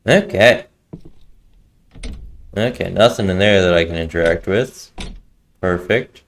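A man's voice: deep voice, slow pace, long pauses, slight background noise. A man casually commenting while playing a horror game, muttering jokey reactions as he explores. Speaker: gaming video host. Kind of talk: casual let's-play commentary.

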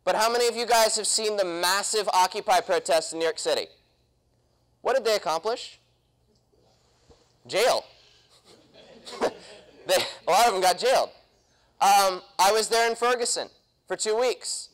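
A man's voice: sits high, moderate pace, pauses often, fairly bright tone, low-quality recording. A young man speaking at a political convention, punchy and quizzing the audience with questions. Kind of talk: political talk to a live audience. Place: convention hall.

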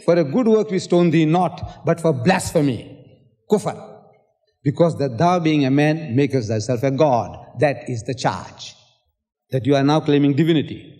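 A man's voice: on the high side, dark tone. An older man from South Africa in a public debate, lecturing and quoting scripture at length, with sarcastic asides. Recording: old hall recording with long reverb.

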